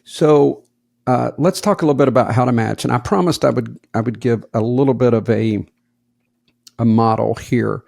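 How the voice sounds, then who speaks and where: A man co-hosting a podcast in casual chat, joking and wry, with a gravelly voice. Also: medium pitch, moderate pace, a little mellow, dry recording, studio quality. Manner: joking, self-deprecating, wry. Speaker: podcast co-host.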